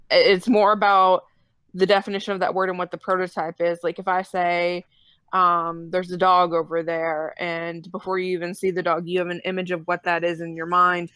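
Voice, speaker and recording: Flat, smooth-voiced woman explaining calmly. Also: on the low side, no room sound. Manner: measured, explanatory. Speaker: guest. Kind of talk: casual chat.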